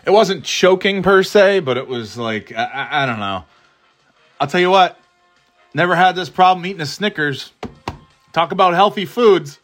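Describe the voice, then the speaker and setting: A man's voice: sits high, expressive, normal speed, fairly bright tone, soft background music. A man rambling casually through his football picks, swearing and mocking himself, with many restarts. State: throat irritated, clearing it. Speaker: podcast host giving football picks.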